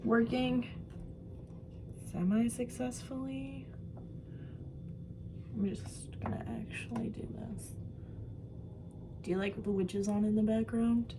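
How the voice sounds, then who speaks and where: A young woman vlogging while she does special effects makeup, chatting casually and poking fun at herself, sometimes trailing off into soft mumbles. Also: a little high, fairly even intonation, slow, pauses often, background noise. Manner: chatty, self-mocking, drifts into soft mumbles. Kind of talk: rambling casual chat while doing makeup.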